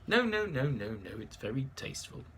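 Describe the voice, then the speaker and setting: A man voicing an excitable, scheming Australian male painter in an audiobook. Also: on the high side, brisk, slight background noise, pitched above the performer's own voice, heavily acted. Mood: insistent.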